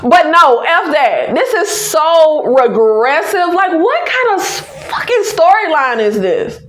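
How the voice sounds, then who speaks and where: A woman's voice: high voice, a bit bright. A young woman, giving an exasperated, profane TV recap full of sighs and repeated "I can't". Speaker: TV recap reviewer. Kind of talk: ranting casual review. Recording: echoey room.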